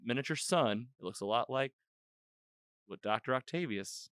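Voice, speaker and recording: Bright-voiced man recapping a show. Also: medium pitch, animated, moderate pace, clear, resonant tone, dry recording, clean studio sound. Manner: loose and rambling, acts out quoted lines, lots of "like". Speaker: podcast host. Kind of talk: casual chat recapping an episode. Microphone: own podcast microphone.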